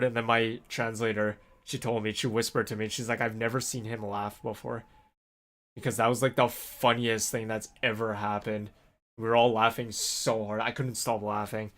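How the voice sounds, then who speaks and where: A man vlogging in a casual, rambling storytelling way, animated when he quotes people. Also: mid-range voice. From North America. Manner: rambling, animated when quoting others, laughs often.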